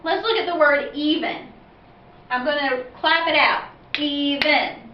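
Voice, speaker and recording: Slow, patient high-voiced woman teacher. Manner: slow, patient, explains step by step with questions. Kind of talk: phonics lesson for parents and children. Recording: echoey, dull, distant from the mic.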